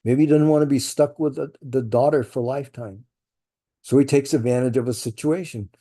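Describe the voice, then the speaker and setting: A man's voice: medium pitch, steady tone, fairly quick, mellow. A man teaching a verse-by-verse Bible study, thinking aloud with rhetorical questions and folksy asides.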